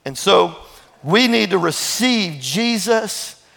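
Man, pastor, sermon, animated with asides, high voice, gravelly, big hall reverb. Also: takes it slowly. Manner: animated preaching with laughs and asides.

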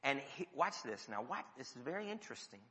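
A man preaching a sermon, telling the story lively and dropping his voice low for emphasis. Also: fast, big-room sound. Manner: storytelling with sudden drops to a near whisper.

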